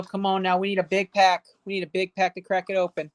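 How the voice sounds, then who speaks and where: This livestream host opening card packs has a mid-range voice and a completely flat delivery at a quick pace. Still, she rattles off running card value totals and cheers and banters casually with her chat viewers.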